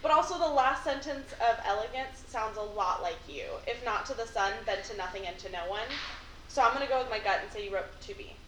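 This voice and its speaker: High, bright-voiced woman. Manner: animated, giggly, quick to protest. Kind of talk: casual chat and poem reading. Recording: echoey room, faint background hiss.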